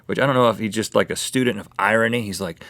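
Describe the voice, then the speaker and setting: A man's voice: fairly low pitch, fairly even intonation, rapid-fire, fairly bright tone, no room sound. A man co-hosting a studio talk show, telling stories in playful, teasing comedic banter. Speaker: co-host.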